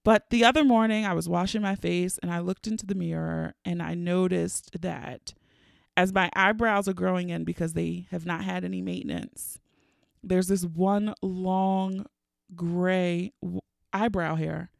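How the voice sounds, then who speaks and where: Thirties woman podcasting solo, gravelly and smooth, dry close sound, swears a lot. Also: on the low side, a little slow, no echo. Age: 30s. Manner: candid, profane, expressive storytelling. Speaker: podcast host. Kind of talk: solo comedic podcast rant. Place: home recording during lockdown.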